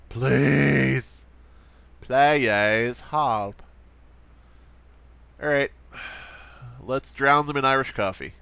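A man's voice: a little high, fairly bright tone, dry recording. A man doing playful, sarcastic let's play commentary while playing and talking straight to his viewers. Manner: sarcastic, jokey, talks to viewers. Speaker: gaming commentator.

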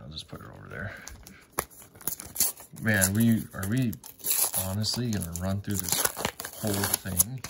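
A man's voice: deep voice, creaky, a little hiss or hum. A man commentating casually as he opens sticker packs, swearing often, grumbling about bad pulls and talking to his viewers. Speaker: sticker pack opener. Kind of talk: casual pack-opening vlog commentary. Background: wrappers crinkling, faint clicks.

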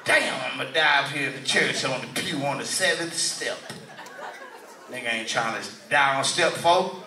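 A male stand-up comedian doing loud, profane crowd work in a church hall venue. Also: mid-range voice, expressive, normal speed, slight background noise. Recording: echoey hall, mic from far.

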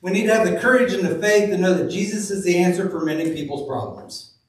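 A man preaching a sermon in a church, reading scripture slowly and telling folksy stories. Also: high voice. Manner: folksy storytelling, slow deliberate reading of scripture. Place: church sanctuary. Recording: very echoey room, from far off.

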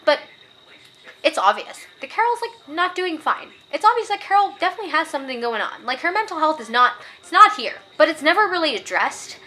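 Bright-voiced young woman reviewing books. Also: sits high, big pitch swings, brisk. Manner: passionate and opinionated, gets worked up; reads quoted passages aloud. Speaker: book reviewer. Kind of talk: casual book review vlog.

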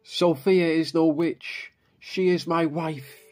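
A man's voice: on the high side, steady tone, normal speed, soft background music, voice pushed up, lightly acted. A man doing a frantic young husband's plea. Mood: desperate pleading. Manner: loud, anguished pleading. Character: desperate young husband pleading for his wife.

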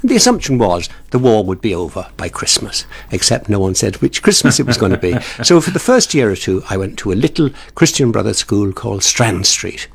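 A man's voice: fairly low pitch, sing-song, a little fast, creaky, few pauses, husky. An older man, a retired broadcaster, chatting through stories from his early life in an interview, with small chuckles and repeated words. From born in England, raised in Ireland. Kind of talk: relaxed anecdotal interview talk.

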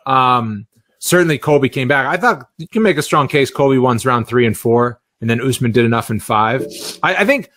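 A sports commentator co-hosting a podcast, chatting in a relaxed way with lots of fillers. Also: male voice, medium pitch, moderate pace, no echo. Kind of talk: casual podcast chat.

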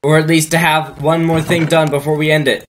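A man's voice: on the high side, little pitch movement, brisk, fairly bright tone, slight background noise, low-quality recording. A man hosting a let's play, chatting casually and thinking aloud as he builds. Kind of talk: casual gameplay chat.

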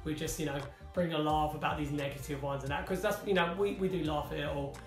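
A man's voice: a little high, fairly even intonation, fast. A British man in a family vlog, casually reading comments aloud with dry, teasing humour. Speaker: family vlogger. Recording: echoey room, faint music.

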